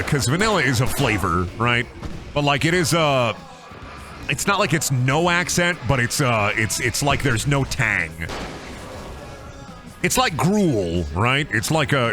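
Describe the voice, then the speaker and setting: Lively, profane Iowan streamer. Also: male voice, mid-range voice. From Iowa, USA. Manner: rambling, profane, jokey. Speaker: game streamer. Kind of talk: casual gaming commentary.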